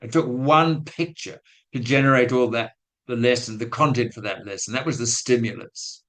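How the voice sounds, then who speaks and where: A man's voice: mid-range voice, moderate pace, a bit bright, poor audio. A man giving a webinar talk to teachers, telling a classroom story in a chatty, self-mocking way with acted-out quotes. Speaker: guest speaker on language teaching.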